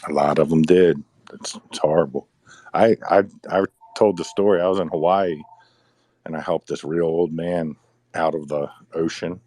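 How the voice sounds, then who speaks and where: Deep-voiced rambling man, casual chat. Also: steady tone, moderate pace, warm tone, no echo. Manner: rambling, repeats words, sighs.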